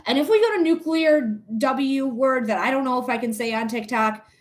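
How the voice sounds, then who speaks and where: A young woman with a high voice hosts a live psychic reading stream. She chats casually with viewers, laughs a lot and swears freely.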